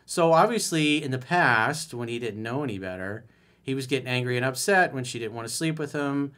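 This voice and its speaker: A man's mid-range, fairly bright voice moves a little fast as he gives dating advice in a solo video. He reads aloud an email from a viewer and critiques it bluntly and emphatically.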